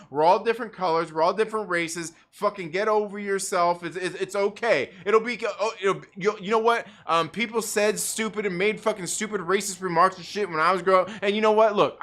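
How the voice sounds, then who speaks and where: A man's voice: sits high, pushed and bright. A man ranting in casual livestream commentary, profane and rambling, full of fillers and restarts. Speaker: livestream co-host; parent.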